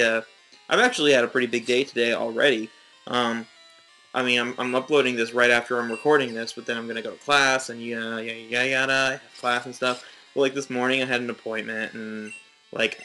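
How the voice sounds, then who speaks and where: A man's voice: medium pitch, pushed and bright, poor audio. A young man giving rambling, chatty, self-mocking commentary while he plays a game. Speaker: let's play host. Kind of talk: casual gameplay commentary.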